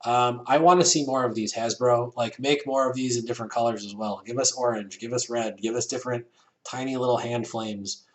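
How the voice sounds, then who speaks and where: A man casually reviewing an action figure, relaxed and rambling, with many fillers. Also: medium pitch, fairly quick.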